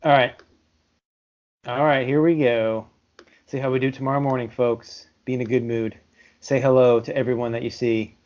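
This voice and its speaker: Man, casual podcast co-host, easygoing talk, middle pitch, dull lo-fi sound. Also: fairly even intonation, moderate pace, long pauses, darkish tone. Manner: easygoing, many "like" fillers. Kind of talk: casual chat.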